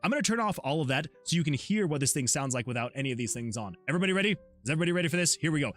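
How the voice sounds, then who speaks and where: Guy streaming his game dev, bouncy pitch, chuckles a lot, reads chat out loud, soft music behind. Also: rapid-fire. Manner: animated, laughs often, reads chat aloud. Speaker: solo game developer and streamer. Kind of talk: casual livestream chat. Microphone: USB desktop mic.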